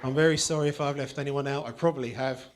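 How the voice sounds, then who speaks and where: A man's voice: mid-range voice, fairly even intonation, fast talker, background noise. A man giving his groom's speech at a wedding, reading a prepared text with self-mocking humour and affection. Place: wedding reception, indoors.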